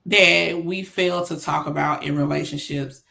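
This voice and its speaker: A woman with a lower voice chatting casually as a podcast co-host. She tells stories in a relaxed, colloquial way and keeps checking that the listener is following her. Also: unhurried, gravelly. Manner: laid-back, storytelling, colloquial. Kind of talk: casual chat.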